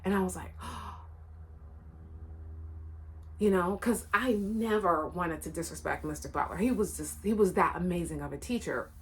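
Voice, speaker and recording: A woman's voice: on the low side, brisk, few pauses, slightly rough. A woman running her own channel, telling a personal story in a casual, rambling and emphatic way, often repeating her phrases. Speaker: channel creator.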